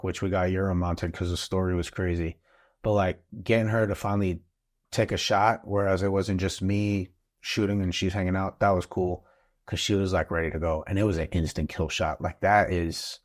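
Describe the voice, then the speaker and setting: A man, a father and guest on a podcast, telling a story in a casual, animated way and acting out what people said. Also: sits low. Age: adult father of school-age kids. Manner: animated, acts out quotes in the story.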